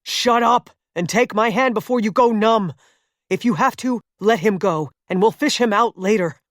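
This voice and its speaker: A woman voicing a determined man who shouts forceful commands during a rescue on the ice. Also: mid-range voice, normal speed, no echo, clean studio sound, close to an everyday voice. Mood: commanding.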